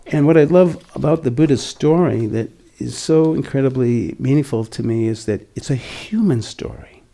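A man in his sixties from the Boston area, giving a gentle, reflective dharma talk whose voice often drops to a near whisper. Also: medium pitch, moderate pace, vocal fry. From Boston area, USA. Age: 60s. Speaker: meditation teacher.

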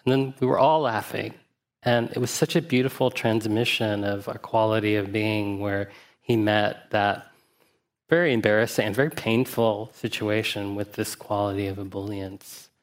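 A man, a meditation teacher, giving a dharma talk at a retreat in a reflective, anecdotal, gently humorous way. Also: lowish voice, fairly even intonation. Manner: reflective, unhurried asides with 'uh' and 'you know'.

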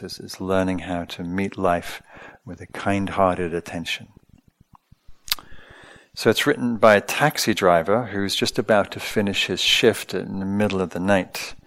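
Low-voiced male meditation teacher, slow, gentle and reflective. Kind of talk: dharma talk.

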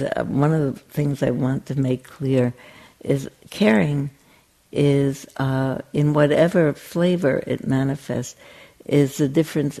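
A meditation teacher with a bass voice gives a dharma talk, speaking gently and conversationally. She restarts her sentences often and shows a playful knack for storytelling.

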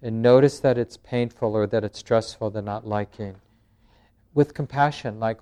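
A man teaching a meditation class, speaking in a calm, gentle way and answering questions from the group. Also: lowish voice, moderate pace, clear, resonant tone. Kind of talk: dharma talk with group questions.

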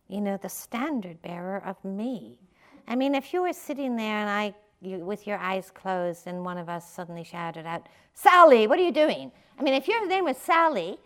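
Older woman meditation teacher, chatty dharma talk, light humor, slightly high pitch. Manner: conversational, many fillers, playful with laughs.

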